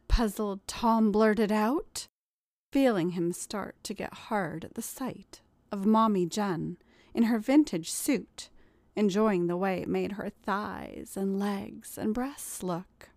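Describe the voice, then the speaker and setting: A woman reads a scripted story at an unhurried, slow pace, calm and even, sometimes dropping into a hushed aside. Her voice sits close to the mic in a dry space with no room echo. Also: mid-range voice.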